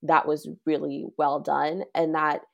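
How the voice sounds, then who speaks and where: Low, gravelly-voiced woman chatting. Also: little pitch movement, measured pace, lo-fi sound. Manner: rambling, heavy use of "like". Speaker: podcast co-host. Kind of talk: casual chat.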